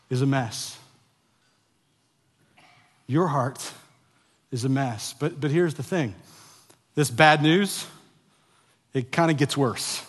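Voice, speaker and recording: Male pastor, 40s, slightly high voice, sermon in a reverberant sanctuary, confessional to emphatic, stumbles over his words. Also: normal speed, pauses often. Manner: confessional storytelling rising to loud, emphatic preaching; frequent stumbles and repeated words. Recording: long reverb of a large hall.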